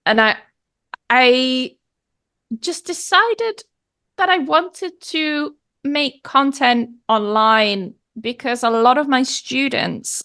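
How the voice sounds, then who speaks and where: Animated British woman, slightly high voice. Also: clear, resonant tone. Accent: British English. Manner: animated storytelling, laughs often, acts out quotes. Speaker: guest, pronunciation teacher. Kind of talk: casual conversation.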